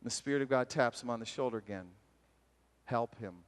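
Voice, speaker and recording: A man giving a retreat sermon, telling a story and acting out its voices with lively energy. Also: mid-range voice, very fast. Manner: animated, acts out voices in stories. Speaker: retreat speaker. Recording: long hall reverb.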